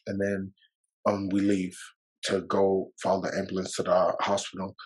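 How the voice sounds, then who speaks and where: A man's voice: sits low, monotone, moderate pace, a little mellow, breathy edge, poor audio. A man guest on a podcast, telling a personal story in a loose, rambling way, with fillers and swearing, emotional and at times near tears.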